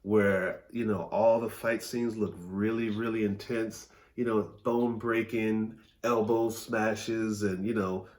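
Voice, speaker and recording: A man co-hosting a casual movie review, speaking in a measured, thoughtful way with hesitant restarts. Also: fairly low pitch, steady tone, a little mellow. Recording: echoey room.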